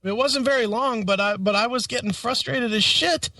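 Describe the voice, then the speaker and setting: Swearing nonstop and laughing through his story, this animated radio co-host keeps things profane and casual. His pitch is extremely high and his speed normal. The mic is distant, yet there's no room sound.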